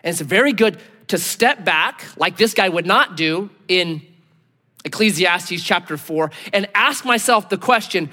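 Animated high-voiced male preacher. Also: unhurried. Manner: animated, rhetorical questions, sudden hushed asides. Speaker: pastor. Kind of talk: sermon. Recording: reverberant hall.

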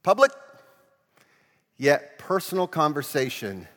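A man preaching a sermon as pastor, with animated storytelling. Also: on the high side, slow, long reverb tail. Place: church.

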